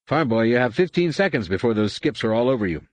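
A man's voice: medium pitch, sing-song, fast talker, no room sound, close to an everyday voice. A man doing a blunt squadron leader.

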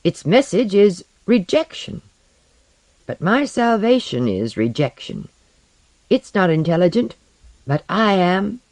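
A man's voice: sits high, sing-song, takes it slowly, long pauses, darkish tone, no echo, voice pushed up, heavily acted. A sardonic, jeering man whose voice climbs and swings with feverish energy, morbid and eager by turns, as a narrator puts him on. The storytelling is close and dry, with nothing around the voice. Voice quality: mocking, bitter. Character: intense, mocking male empath.

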